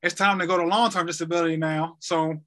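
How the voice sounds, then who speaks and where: A man's voice: fairly high pitch, steady tone, quick pace, bright, forceful tone. A young man casually telling a personal story, rambling and repeating himself as he acts out conversations.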